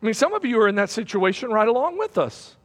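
A man preaching a sermon from a church platform, swinging between loud bursts and hushed, repeated phrases. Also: high-pitched, very animated, fast. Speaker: pastor. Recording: long hall reverb.

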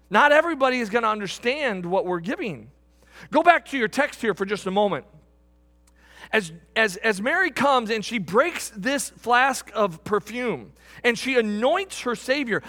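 A man preaching a sermon, swinging from loud bursts to hushed emphasis. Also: high-pitched. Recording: echoey hall with long reverb.

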